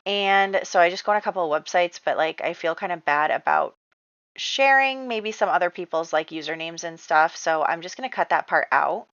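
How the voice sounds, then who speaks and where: A woman's voice: on the low side, animated, fairly quick, fairly bright tone, no room sound, dull audio. A woman narrating a life-sim game in a chatty, casual storytelling way, full of fillers. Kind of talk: casual let's-play storytelling.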